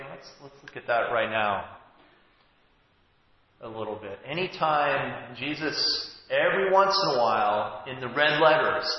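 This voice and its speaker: 40s guy preaching in a big echoey hall, chatty, keeps restarting himself, kinda muffled. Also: medium pitch. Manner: conversational, with self-interrupting restarts. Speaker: pastor. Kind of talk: sermon. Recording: echoey hall, dull lo-fi sound.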